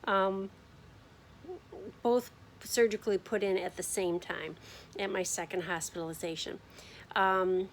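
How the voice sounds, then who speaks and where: A woman sharing her experience in a casual video diary, talking to the camera at home in a tired, unhurried way with frequent ums and yawns. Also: medium pitch, a little hiss or hum. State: fatigued from chemotherapy. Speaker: vlogger sharing her chemotherapy journey.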